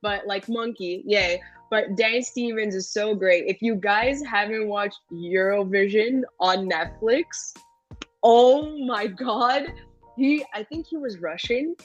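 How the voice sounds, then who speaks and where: An emphatic woman co-hosting a casual talk, her voice at a middle pitch. She talks quickly and throws in laughing asides, and music plays faintly behind her. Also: muffled recording. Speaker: co-host. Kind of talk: casual chat.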